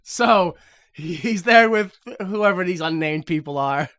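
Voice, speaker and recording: A man casually recapping a TV episode for a podcast, acting out the characters in quick voices and laughing often. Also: high-pitched, lively intonation, fairly bright tone.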